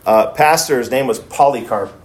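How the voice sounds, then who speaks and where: A man's voice: medium pitch, normal speed. A male pastor telling a story in a sermon, with many restarts as he retells it.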